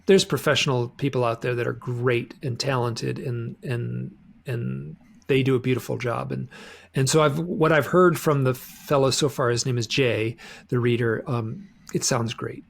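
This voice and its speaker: A man's voice: mid-range voice, fairly even intonation, moderate pace, vocal fry. A man talking as a guest author in a casual interview, rambling with many restarts and repeated words.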